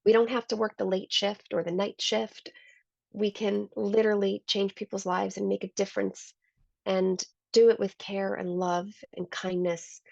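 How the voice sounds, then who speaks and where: A woman's voice: medium pitch, little pitch movement, moderate pace, vocal fry, a little mellow, dry recording. A woman who owns a salon, telling heartfelt stories as a guest in a conversational interview. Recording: dull, lo-fi dry sound.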